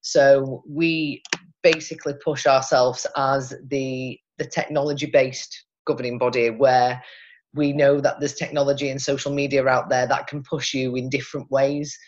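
A woman's voice: very deep voice, little pitch movement, normal speed, lo-fi sound. A woman from Yorkshire with a Yorkshire accent, chatting casually as a guest and laughing often. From Yorkshire, England. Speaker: guest, recruitment body representative. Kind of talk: casual conversation.

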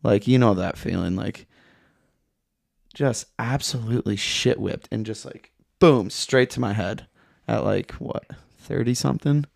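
A man's voice: on the low side, a little slow, vocal fry, a little mellow, no echo, clean studio sound. A young man from Michigan, a podcast guest telling a story in a laid-back, rambling way, swearing a lot. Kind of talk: casual chat.

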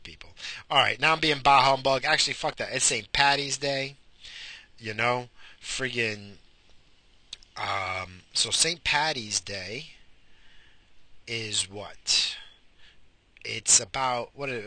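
A man ranting sarcastically in a parked car, swearing and animated. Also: lowish voice. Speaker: vlogger. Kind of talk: profane ranting monologue. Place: pulled over in a car.

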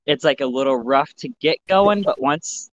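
A man's voice: mid-range voice, animated, normal speed, a bit bright, dull audio, slight background noise. Bearded guy rambling a story. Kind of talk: casual chat.

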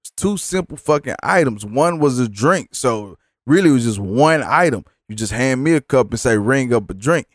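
A man on a podcast, sick and tired, who tells a rambling, profane story and mocks the people in it. His voice sits at a middle pitch and is recorded dry and close, with no room sound behind him. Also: normal speed, no echo. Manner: profane, animated storytelling with mocking quotes. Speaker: podcast host. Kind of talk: casual storytelling monologue.

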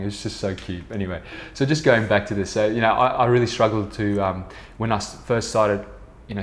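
A man in his thirties from South Africa with an Afrikaans accent, talking casually and rambling with many fillers on his own podcast. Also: lowish voice. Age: 30s. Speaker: podcast host, business co-founder. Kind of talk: casual solo podcast talk.

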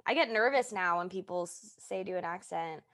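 A woman co-hosting a podcast in casual chat, giggly and animated, trailing off with fillers. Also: fairly low pitch, brisk, no echo, studio quality. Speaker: podcast co-host.

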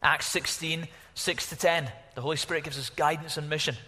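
A man preaching a sermon as pastor, animated, exclaiming at times and dropping to a hush at others. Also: a little high, a little fast, big-room sound. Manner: animated, exclaiming, varies from loud to hushed.

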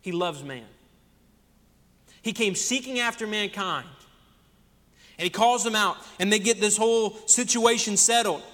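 A man's voice: high-pitched, measured pace, long pauses, fairly bright tone. A man preaching a sermon as senior pastor, asking the congregation one rhetorical question after another. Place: church sanctuary. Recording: long church hall reverb.

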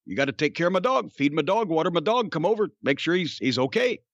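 A man's voice: fairly high pitch, quick pace, no room sound, lo-fi sound. A man voicing an older male wrestler who gives insistent, repetitive orders with a straight face. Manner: insistent, repetitive, deadpan-serious.

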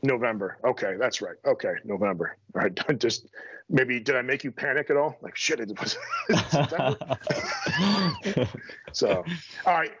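A man's voice: medium pitch, expressive, unhurried, a bit bright, highs cut off, slight background noise. A middle-aged man, a strength coach, talking as a podcast guest in a blunt, direct, self-deprecating way. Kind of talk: casual interview chat.

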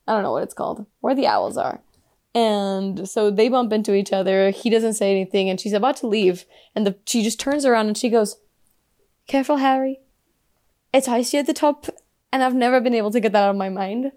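A woman's voice: medium pitch, a little fast, mellow. A young woman co-hosting a podcast, chatting casually and telling a story with plenty of laughter. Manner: playful, giggly storyteller. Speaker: podcast co-host. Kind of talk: casual chat.

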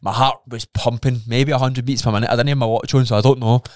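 A man chats on a podcast, telling his story with animated energy and plenty of swearing. He acts out his own reactions as he goes. His voice sits at a middling pitch, and the sound is dry and close to the mic. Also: quick pace, no echo. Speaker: podcast co-host. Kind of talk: casual chat.

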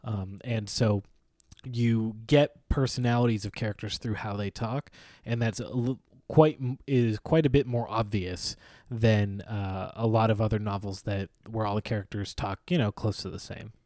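Man, lowish voice, dark tone, eager casual book talk. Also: fairly even intonation, normal speed, no echo, clean studio sound. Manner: eager, hesitant restarts. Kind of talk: casual book club discussion.

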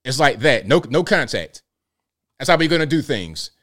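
A man's voice: medium pitch, sing-song, normal speed, fairly bright tone. A man hosting a live call-in stream in casual, joking commentary, slangy and talking straight to his viewers. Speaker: show host.

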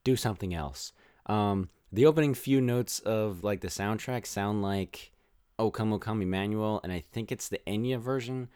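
Rambling low-voiced man reviewing a film. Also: normal speed, clean tone, dry recording, studio quality. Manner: rambling, exasperated, animated rants. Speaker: podcast host reviewing a film. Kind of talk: casual spoilery film review.

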